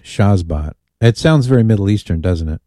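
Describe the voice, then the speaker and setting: Low, mellow-voiced male radio host. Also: lively intonation, normal speed, no room sound, clean studio sound. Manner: chatty, amused, reads listener emails aloud. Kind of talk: call-in radio talk.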